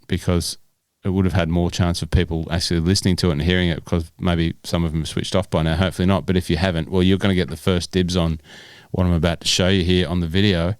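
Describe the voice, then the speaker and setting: Low-voiced man co-hosting a chatty podcast. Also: darkish tone, clear, resonant tone, no echo, clean studio sound. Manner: jokey, stumbles and restarts when reading aloud. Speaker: podcast co-host. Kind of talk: casual podcast chat.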